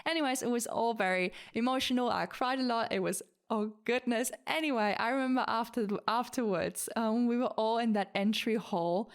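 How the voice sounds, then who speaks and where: A woman's voice: fairly high pitch, moderate pace, few pauses. A woman co-hosting a podcast, telling personal stories in a reassuring manner. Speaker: podcast co-host. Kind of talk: casual chat.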